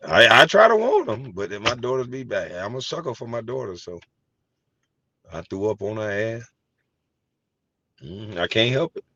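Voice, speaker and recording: A low-voiced man telling funny stories. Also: normal speed, long pauses. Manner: animated storytelling, profane, laughs easily. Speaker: host. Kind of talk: casual chat. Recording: dry, slightly dull sound.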